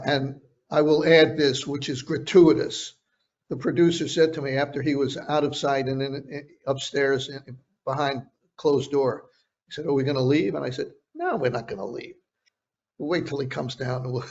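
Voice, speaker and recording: An older man, a veteran journalist, recounting a story in a casual interview, often restarting his phrases. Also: medium pitch. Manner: conversational, repeats words when restarting. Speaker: retired journalist guest. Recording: dull lo-fi sound.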